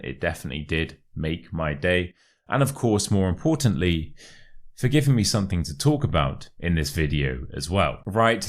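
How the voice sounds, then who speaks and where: A young man with a modern British RP accent teaching English expressions, modelling pronunciation slowly and clearly. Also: low-pitched. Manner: clear, carefully modelled pronunciation, friendly explaining. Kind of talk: online English lesson.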